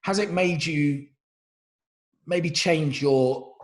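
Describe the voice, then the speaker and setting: A man's voice: on the high side, drawn-out words. A man hosting a casual interview over a video call, friendly and stacking several questions at once. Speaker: podcast host, interviewer.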